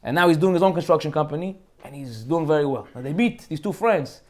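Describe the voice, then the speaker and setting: A man teaching an informal Torah class as a rabbi, animated and joking as he acts out the people in his stories. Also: a little high, fast.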